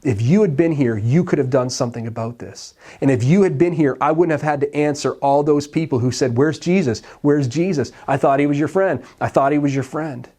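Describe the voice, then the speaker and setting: A man's voice: a little high, a little fast, few pauses, warm tone, lightly acted. A man voicing a heartbroken, grieving woman who blames a friend in a pleading, accusing way.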